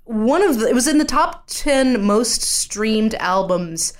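A woman's voice: on the high side, lively intonation, slow. A young adult woman co-hosting a casual podcast chat, talking in a loose, filler-heavy way with frequent laughs.

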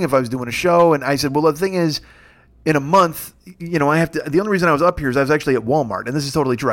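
A man in his fifties, a comedian and podcast host, telling a rambling, profane story with exasperated rants. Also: mid-range voice. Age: 50s. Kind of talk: storytelling monologue.

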